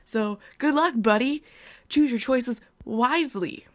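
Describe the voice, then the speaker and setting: A woman's voice: a little high, slow pace, a bit bright, no room sound. A young woman from Minnesota telling a casual story in a wry, sarcastic way, with laughs. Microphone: studio USB microphone.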